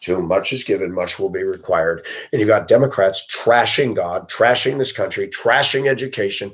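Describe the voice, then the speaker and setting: A man's voice: mid-range voice, expressive, moderate pace. A man vlogging alone, speaking in a blunt, indignant, ranting way. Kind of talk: solo opinion monologue.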